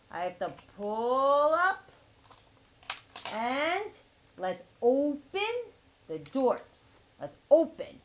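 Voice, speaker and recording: A young woman with a high, bouncy voice leads toddlers through toy play. She talks in an exaggerated sing-song, drawing every word out slowly and swooping up and down in pitch. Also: a bit bright. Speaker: children's educator.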